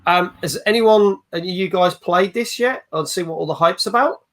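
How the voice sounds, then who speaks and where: High-voiced man hosting a gaming chat. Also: fairly quick, a crowd in the background. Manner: upbeat, chatty, hands the floor to guests. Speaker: host.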